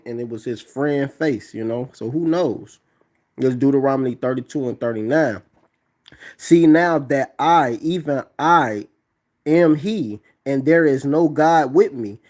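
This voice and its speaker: A man pausing a video to preach, emphatic, reading scripture aloud in between. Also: a little high, vocal fry, mellow. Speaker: religious commentator. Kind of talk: preaching commentary on a clip.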